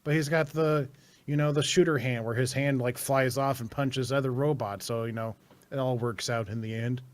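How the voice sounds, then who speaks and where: A man's voice: mid-range voice, steady tone, normal speed. A young man chatting casually on a podcast, rambling with many fillers, swearing and laughing often. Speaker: podcast co-host.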